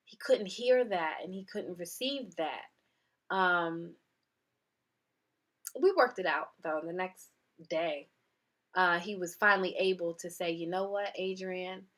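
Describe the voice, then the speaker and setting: A woman coach talks through her own stories in a relaxed motivational style. Her voice sits a little low, and she acts out the quoted lines with lively, animated turns. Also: unhurried. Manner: animated storytelling with acted-out quotes and laughs. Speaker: wellness and life coach. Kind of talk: casual motivational talk.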